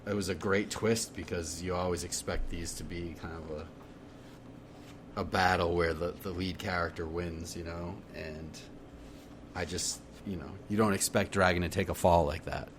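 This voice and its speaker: A man's voice: low-pitched, fairly even intonation, normal speed, background noise. A man co-hosting a podcast, chatting casually about comics in a hesitant, easygoing way with frequent restarts. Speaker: podcast co-host. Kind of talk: casual comic-book chat.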